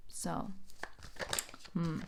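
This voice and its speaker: A woman's voice: very slow, a little mellow, a little hiss or hum. A woman giving a casual tarot reading, chatty and rambling, often laughing as she talks. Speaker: tarot reader.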